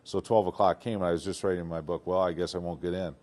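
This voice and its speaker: Talking fast in a deep voice, an older retired football player from Detroit shares lively stories in an informal interview. He acts out what others said and laughs often.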